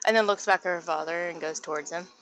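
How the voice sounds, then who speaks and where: Smooth-voiced woman narrating her character. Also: lowish voice, fast talker, a bit bright, faint music behind, low-quality recording. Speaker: player. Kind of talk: tabletop role-play.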